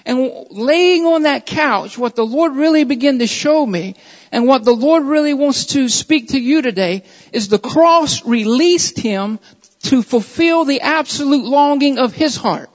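A man's voice: extremely high pitch, animated, measured pace. A man preaching a sermon with an emphatic, repetitive cadence, building his points through repeated phrases. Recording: dull audio with long hall reverb.

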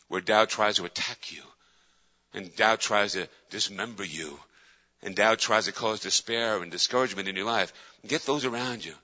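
Fervent preacher in a reverberant hall. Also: male voice, on the low side, sharp tone. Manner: fervent, dramatic storytelling with rhetorical questions. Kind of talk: sermon. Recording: dull lo-fi with long hall reverb.

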